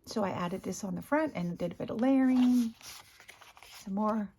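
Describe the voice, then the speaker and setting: A woman with a hoarse morning voice, chatting casually as she shows her craft work, often clearing her throat and correcting herself. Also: medium pitch, normal speed, warm tone. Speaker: craft video host. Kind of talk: casual crafting show-and-tell.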